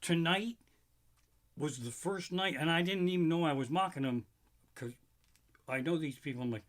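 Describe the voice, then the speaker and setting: A middle-aged man doing loose, profane stand-up, rambling and animated as he tells stories. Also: a little high, moderate pace, pauses often. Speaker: stand-up comedian. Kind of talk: solo live-streamed stand-up.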